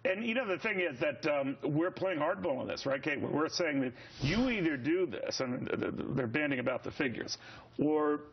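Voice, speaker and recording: A man's voice: fairly high pitch, expressive, moderate pace, gravelly, breathy edge, muffled recording. A man hosting a cable news panel, wry and joking, often cutting in on his guests. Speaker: TV news host.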